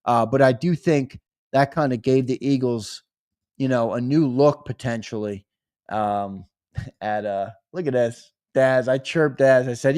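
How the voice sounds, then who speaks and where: A young man hosting a casual live stream, chatting with viewers and reading names off a list in a lively, teasing way. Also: medium pitch, measured pace, clean tone, no echo, studio quality. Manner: lively, teasing, talks straight to chat with "brother". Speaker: host of a sports live stream.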